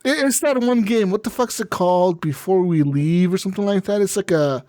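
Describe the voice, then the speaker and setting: A man co-hosting a gaming podcast, telling stories in a casual, profane, animated way with lots of restarts. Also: high voice, a little fast, no room sound, clean studio sound. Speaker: podcast co-host. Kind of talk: casual chat.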